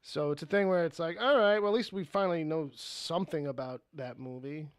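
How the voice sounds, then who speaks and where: Rambly podcast guy, kinda gravelly, swears a lot, dry mic. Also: fairly high pitch, no echo. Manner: rambling, swearing, quick to laugh. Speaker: podcast co-host. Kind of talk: casual movie news chat.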